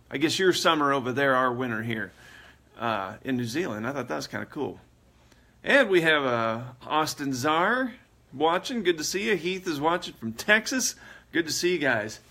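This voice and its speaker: A man's voice: medium pitch, sharp tone. A man hosting a casual livestream, chatting in a rambling way and laughing often. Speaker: livestream host.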